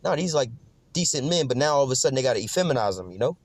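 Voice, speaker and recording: A man's voice: mid-range voice, expressive, very fast, dry recording. A man ranting casually in slang and profanity, rambling loosely and tagging his points with "man" and "you know what I'm saying.". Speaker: commentator.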